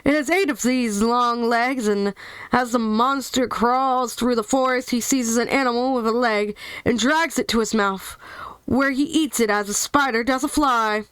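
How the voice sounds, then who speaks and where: A woman's voice: a little high, measured pace, a bit bright, smooth, dry recording. A woman reading aloud, voicing a grave tiger who leads the forest beasts. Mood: solemn.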